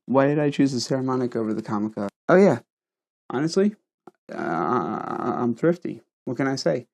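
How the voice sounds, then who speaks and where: This home gadget vlogger's mid-range voice is creaky and darkish, with lively intonation at a moderate pace. Talking casually to camera into a wireless lavalier mic, he rambles, stutters and says words twice.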